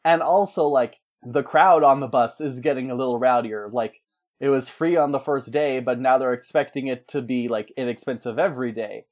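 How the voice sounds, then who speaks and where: A man in casual chat, pitching a story in a rambling, jokey way and slipping into character voices. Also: normal speed.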